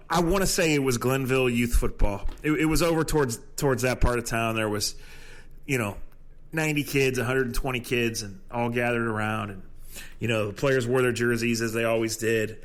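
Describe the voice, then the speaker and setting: This man co-hosts a podcast and tells sports stories in a loose, chatty exchange full of laughter, sometimes trailing off mid-thought. He speaks at a moderate pace with a medium pitch, fairly even intonation, and a slightly bright tone.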